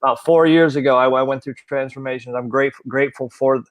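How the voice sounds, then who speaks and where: A man's voice: mid-range voice, fairly even intonation, fast talker. A man hosting an interview, earnest and supportive, often repeating words as he speaks. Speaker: host. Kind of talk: earnest interview, recovery talk.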